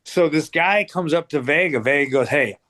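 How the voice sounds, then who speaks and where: A man's voice: on the high side, moderate pace, a bit bright. A middle-aged man, a guest wrestler, telling stories in casual podcast chat, laid-back and profane, full of "like".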